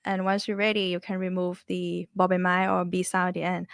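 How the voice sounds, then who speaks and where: A woman's voice: fairly low pitch, fairly even intonation, quick pace, gravelly, fairly bright tone, dry recording, clean studio sound. A young woman with a Thai accent, teaching pronunciation in a chatty way and repeating syllables to show each tone. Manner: chatty, demonstrates tones by repeating syllables, laughs often. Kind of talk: casual online language lesson.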